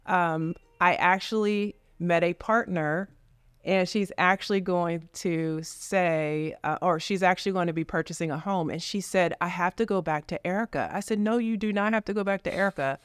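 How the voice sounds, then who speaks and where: A woman real estate agent tells stories on a podcast with lively energy and acts out the people she quotes. Her voice is smooth and a touch low. The recording is dry, with no room sound. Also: normal speed, dry recording. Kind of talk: casual podcast interview.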